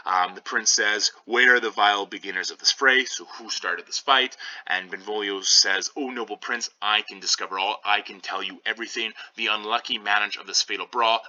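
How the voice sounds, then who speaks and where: A male teacher walks through a play, reading the old lines and then retelling them in everyday speech with plenty of fillers. His voice sits low but has a sharp, bright edge. The recording is a little muffled and lo-fi. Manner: casual paraphrasing with fillers. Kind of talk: reading a play aloud and explaining it.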